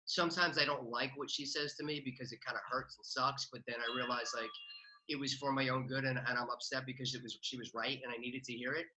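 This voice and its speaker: Over a noisy background, a man with a medium-pitched, steady voice talks quickly and casually in an interview. He's a real estate investor appearing as a podcast guest, chatty and leaning heavily on "like" as filler.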